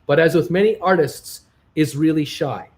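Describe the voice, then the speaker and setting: A man's voice: a little high, moderate pace. An older man hosting a live stock market stream, flustered and muttering to himself as he hunts for a message, thanking donors in a casual chat. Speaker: stock market livestream host.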